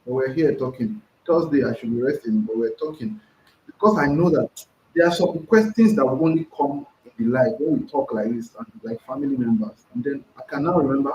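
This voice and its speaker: In a medium-pitched, darkish voice, a man runs a casual live stream, reading viewers' comments aloud and replying while frequently repeating himself. He's chatty, and the sound is roomy, dull and lo-fi with faint noise.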